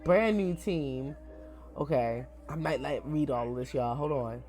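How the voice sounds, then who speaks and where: A comic reaction host reads the panels aloud in a casual way. The host breaks into loud, swearing exclamations between the panels. Faint music plays underneath. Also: medium pitch, unhurried.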